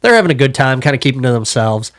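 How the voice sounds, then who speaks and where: A young man with a mid-range voice tells his stories as a podcast guest. His delivery is casual, profane and animated, and he laughs his way through the punchlines. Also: medium pitch, fast. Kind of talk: casual storytelling.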